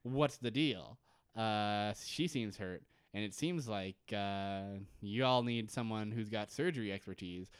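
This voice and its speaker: A man's voice: fairly low pitch, unhurried, clear, resonant tone, dry recording, clean studio sound, voice pushed down, natural voice. A man doing a sly, wheedling medic. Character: sly middle-aged male medic, bargaining. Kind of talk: casual podcast banter.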